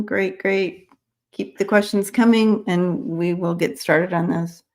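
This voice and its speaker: A woman's voice: on the low side, steady tone, takes it slowly, darkish tone. A woman hosting a live stream, greeting viewers by name and talking casually with many fillers and restarts. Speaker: host of a live-stream psychic reading show.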